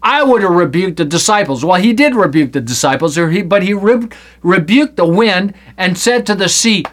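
Brief: male Bible teacher, high voice, playful and lively, reads scripture aloud with jokes. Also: normal speed.

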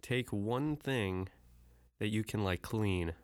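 Low-voiced guy rambling and cursing, dry close sound. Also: takes it slowly, no room sound. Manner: profane, rambling, joking. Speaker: vlogger. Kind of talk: casual chat.

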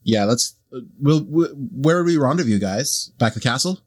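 Man, tabletop player, easygoing, mid pitch, asks questions. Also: expressive, normal speed, dry recording, clean studio sound. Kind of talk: casual tabletop role-play.

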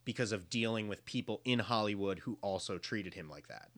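Man, podcast co-host, playful, deadpan jokes, low pitch, bright tone. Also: fairly quick. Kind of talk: casual podcast chat.

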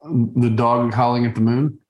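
A man's voice: mid-range voice, steady tone, a little slow. Playful middle-aged man with a roomy echo. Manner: playful, joking, stop-and-start. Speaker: podcast co-host. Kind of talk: casual chat. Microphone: video call. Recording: roomy echo on video call.

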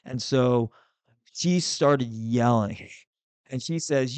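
Animated man telling a story, dry sound. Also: takes it slowly, long pauses, no echo. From Maryland, US. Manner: animated, acts out quotes with big pitch jumps. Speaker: podcast host, former state senator. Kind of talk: casual storytelling chat.

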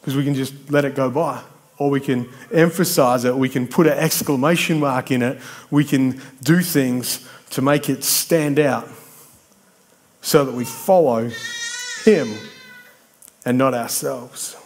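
A man's voice: medium pitch, a little slow. A man preaching a sermon, conversational and emphatic, building points through repetition and bantering with people in the congregation.

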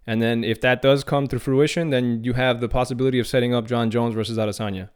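A man's voice: medium pitch, steady tone, quick pace, clear, resonant tone. A man hosting his own podcast, talking through fight news in a casual, opinionated way. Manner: casual, opinionated, some restarts. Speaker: podcast host. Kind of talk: solo MMA news commentary.

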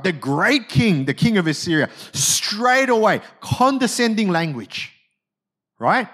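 A male preacher giving a conversational, animated sermon and often checking in with his listeners. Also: sits high, unhurried.

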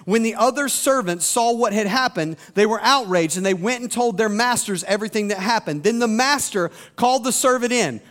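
A man with a notably high voice delivers a sermon. He reads scripture aloud and breaks it down for his listeners, asking rhetorical questions as he goes. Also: normal speed, hardly any pauses, a bit bright. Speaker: pastor.

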